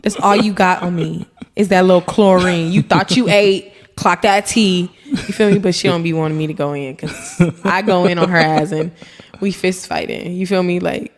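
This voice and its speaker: A woman's voice: fairly low pitch, moderate pace. Brash, profane young woman from Texas. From Texas, USA. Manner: brash, profane, animated storytelling with laughter. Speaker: podcast guest. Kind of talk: casual chat.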